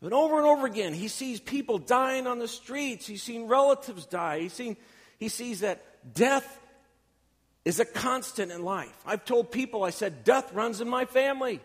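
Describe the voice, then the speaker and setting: Male pastor, very high voice, emphatic storyteller, long church reverb. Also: expressive, normal speed. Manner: emphatic storytelling preacher, acts out quotes. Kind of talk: sermon.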